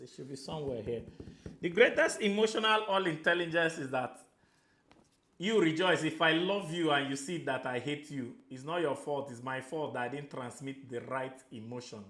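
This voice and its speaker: A Nigerian man talks through a motivational business Q&A, animated and playful, slipping into Pidgin and acting out little scenes. His voice sits fairly high for a man. The sound bounces around an echoey room. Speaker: real estate coach answering questions. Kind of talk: motivational Q&A talk.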